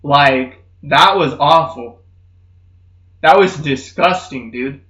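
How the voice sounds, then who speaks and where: A young man streaming, telling rambling comedic stories in casual chat, swearing constantly and saying "dude" a lot. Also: slow. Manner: does loud high-pitched mocking voices in stories. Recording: roomy, slightly muffled stream audio.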